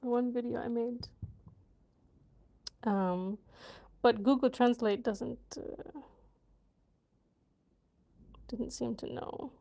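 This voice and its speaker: A woman with a high voice talks slowly and casually on her vlog. She giggles a lot, tries new words aloud and mutters half to herself as she works them out. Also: fairly even intonation, vocal fry, dark tone. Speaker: vlogger learning a language.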